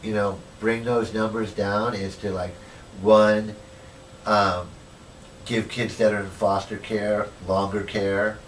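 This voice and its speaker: A man's voice: lowish voice, flat delivery, slow. A man in a documentary interview telling his story casually, rambling with lots of "you know" and acting out what people said. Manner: rambling, filled with "you know", acts out quoted dialogue. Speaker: interviewee, activist. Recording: distant mic with faint ambient noise.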